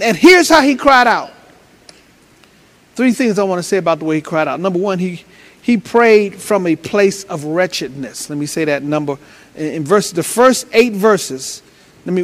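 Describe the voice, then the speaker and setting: A man preaching a sermon as pastor, swinging between loud, driving preaching and low, stumbling talk full of repeated words.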